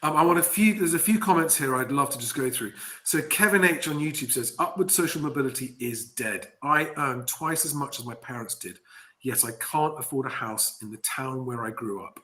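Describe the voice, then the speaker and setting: A man's voice: medium pitch, a little fast, bright, forceful tone. A man hosting a casual chat, reading out viewer comments and laughing often. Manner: chatty, laughs often, reads comments aloud. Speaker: host.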